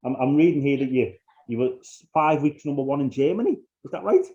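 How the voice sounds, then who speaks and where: A man's voice: medium pitch, lively intonation, fairly quick, warm tone. Man, podcast host, casual, hesitant, repeats words, dull lo-fi recording. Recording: dull lo-fi sound.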